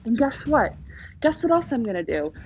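A woman's voice: on the high side, big pitch swings, moderate pace, lo-fi sound. A woman voicing a smug, mocking God who gleefully hands out punishments, swearing as he goes.

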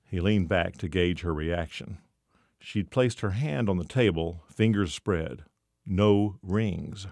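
A man narrating a short story in a measured storytelling manner. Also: sits low, gravelly, darkish tone, no room sound, studio quality.

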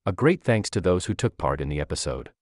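A man reading the closing credits of a podcast in a measured, formal announcer manner. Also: sits low, very animated, no echo, clean studio sound. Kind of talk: scripted credits read.

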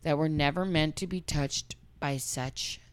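A woman's voice: sits low, a little slow, clean tone. A woman co-hosting a podcast, reading a listener's story aloud and chatting frankly with lots of swearing. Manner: frank, profane, laughing. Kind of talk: casual comedic chat and story reading.

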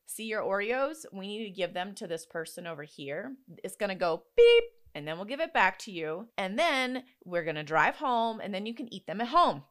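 A woman in her thirties hosting a podcast, talking casually and animatedly about her kids and acting out loud quotes. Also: mid-range voice. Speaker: podcast host. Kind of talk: casual teaching talk.

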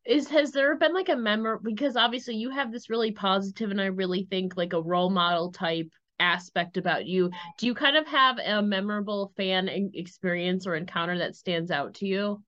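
Woman podcast host, earnest and rambly, mid pitch, kinda muffled lo-fi sound. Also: fairly quick, hardly any pauses, fairly bright tone. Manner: earnest, rambling questions with many fillers. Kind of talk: interview questions.

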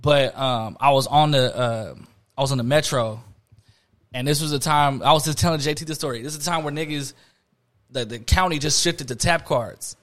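Young socal guy, chill storytelling, lots of slang and fillers, mid pitch. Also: moderate pace, a bit bright. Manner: laid-back, heavy slang, many fillers. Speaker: podcast host. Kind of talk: casual storytelling chat.

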